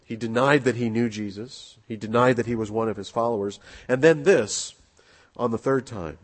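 A man's voice: mid-range voice, normal speed. A man preaching a sermon in an earnest way, repeating key phrases for emphasis. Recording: long echoing hall reverb.

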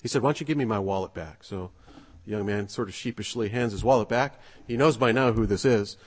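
A man's voice: on the low side, fairly quick. A man preaching a sermon in a conversational, earnest way, telling a story with occasional fillers. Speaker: pastor. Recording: long reverb of a large hall.

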